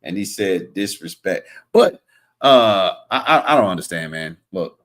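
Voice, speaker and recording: A man's voice: deep voice, sing-song, unhurried, fairly bright tone. A man hosting a heated panel debate, questioning pointedly and arguing back. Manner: pressing, argumentative questioning.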